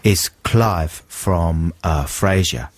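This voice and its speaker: A man's voice: deep voice, drawn-out words. A man co-hosting a radio show, rambling playfully through his stories in casual chat. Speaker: radio co-host. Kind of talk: casual on-air banter. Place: radio studio. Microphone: studio microphone.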